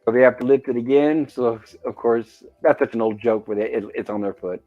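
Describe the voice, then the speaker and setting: A man's voice: mid-range voice, fairly quick, narrow, tinny audio, soft background music. A man hosting a casual commentary on an old TV episode, describing the scenes and reading quoted lines aloud. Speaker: show host.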